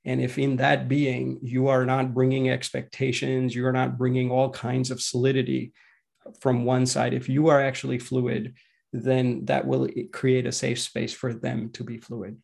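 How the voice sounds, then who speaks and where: A man's voice: mid-range voice, completely flat delivery, unhurried, gravelly, a little mellow. A man giving a reflective talk on parenting as a guest speaker, thoughtful and searching, with frequent restarts.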